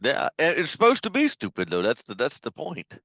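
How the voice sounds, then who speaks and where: A man co-hosting a podcast, chatting casually about a film, profane and quick to laugh. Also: on the high side, huge pitch swings, a bit bright, dry recording, poor audio. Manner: loose, profane, laughing storyteller. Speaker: podcast co-host. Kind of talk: casual movie review chat.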